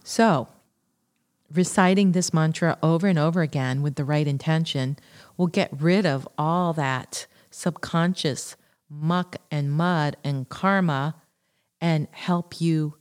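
A woman teaching calmly about a mantra, explaining it syllable by syllable in a measured way. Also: low-pitched. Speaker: spiritual teacher. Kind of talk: slow calm teaching on mantras.

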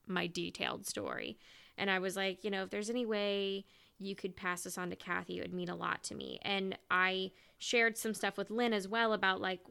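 Bright, gravelly-edged woman podcast host. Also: mid-range voice, dry recording. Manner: animated, emotional storytelling full of "like". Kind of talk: casual chat.

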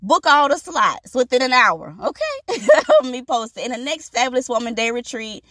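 High-voiced woman hosting a motivational podcast. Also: moderate pace, no echo, clean studio sound. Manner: animated, preachy storytelling with lively quoted voices. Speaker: podcast host.

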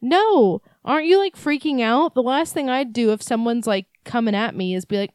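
Sarcastic female co-host, casual and profane; slightly high voice, dry close sound. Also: moderate pace, a little mellow, clean tone, no echo. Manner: sarcastic, profane, laughs often. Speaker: podcast co-host. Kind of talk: casual chat.

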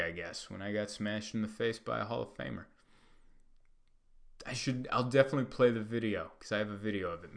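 A man, a comedian, telling a long story in a rambling way with many fillers and loud bursts when he acts out other people. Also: medium pitch. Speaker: stand-up comedian. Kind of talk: storytelling monologue.

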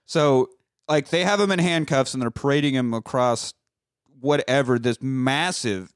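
A man from Austin with a clear, resonant, mid-range voice casually recaps a movie with a friend at a moderate pace and fairly even intonation. He rambles, swears freely, and breaks into quoted lines in silly voices. The recording is dry, clean, and studio quality.

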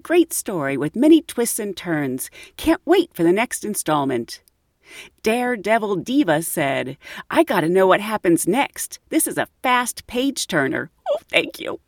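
Woman podcast host, flight attendant, animated delivery, dry close sound. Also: medium pitch, no echo. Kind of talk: podcast hosting.

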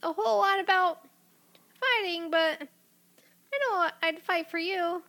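High, bright woman playing a game. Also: slow. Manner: hesitant, filler-heavy. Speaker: player. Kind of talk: tabletop role-play.

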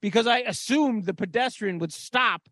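Speaking at a moderate pace in a high, fairly bright voice, a man co-hosting a podcast tells a story casually and swears freely. The recording is dry and clean, studio quality.

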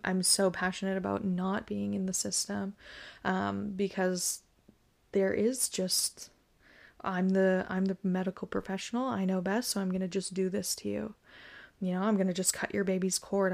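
A woman's voice: medium pitch, vocal fry, a little mellow. A pregnant woman hosting a podcast, telling a personal story in an emotional, reflective way with many fillers. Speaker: podcast host.

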